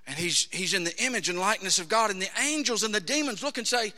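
A man preaching a dramatic sermon in a church, acting out voices and swinging between hushed tones and shouts. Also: extremely high pitch, animated, brisk, hardly any pauses, in a large hall. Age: 30s.

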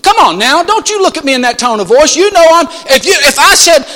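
Male preacher, sermon, high voice, bright tone, long hall reverb, call-and-response questions, shouts and soft asides. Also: big pitch swings, fairly quick, few pauses. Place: church.

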